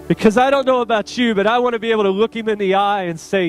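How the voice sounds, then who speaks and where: A man's voice: high-pitched, fairly even intonation, fast talker, few pauses, faint music behind. A man preaching a sermon as pastor, speaking earnestly and building to emotional intensity.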